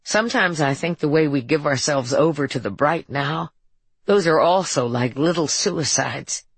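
Woman doing a troubled teen boy, earnest and halting, low gravelly voice, dry audiobook read. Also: lively intonation, no echo, exaggerated voice. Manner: earnest, halting confessional telling.

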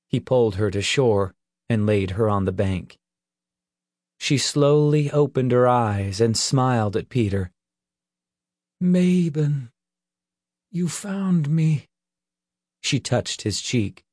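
Guy reading an audiobook slow and steady, mid pitched, dry close mic. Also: no echo. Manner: slow, measured storytelling. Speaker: narrator. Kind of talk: audiobook narration.

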